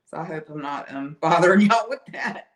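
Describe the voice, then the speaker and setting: With a low, expressive voice at normal speed, this Alabama woman, an art instructor, chats her way through a folksy live painting tutorial. A slight cough lingers from her recent illness, and her Southern accent is clear.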